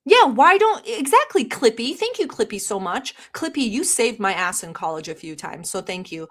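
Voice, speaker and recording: A woman from the Middle East hosting a casual livestream, talking straight to her chat in a brash, sarcastic way and mock-yelling at viewers. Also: mid-range voice, moderate pace. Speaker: livestream host.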